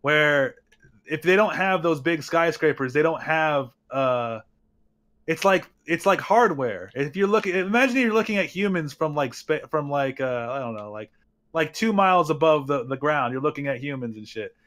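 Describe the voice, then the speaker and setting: A man's voice: fairly high pitch, expressive, normal speed, fairly bright tone. A man chatting casually on a stream, rambling through half-formed ideas, swearing and laughing often.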